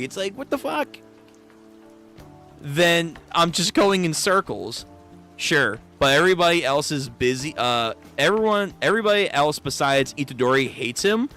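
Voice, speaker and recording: Man, casual reaction commentary, animated, swears a lot, bright and forceful tone, somewhat high voice, faint music behind. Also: moderate pace. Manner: animated, swears freely, exclaims in disbelief. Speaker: manga read-through reactor.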